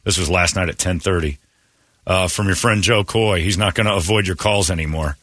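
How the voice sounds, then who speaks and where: A man's voice: low-pitched, fairly quick, a bit bright, dry recording. A man hosting a morning radio show, rambling through blunt, opinionated stories in casual chat from a studio mic.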